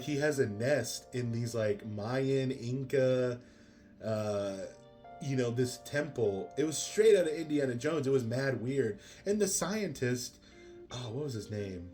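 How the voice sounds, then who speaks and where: A man's voice: medium pitch, darkish tone. Man, casual movie review, rambling, filler-heavy, exasperated, faint guitar music.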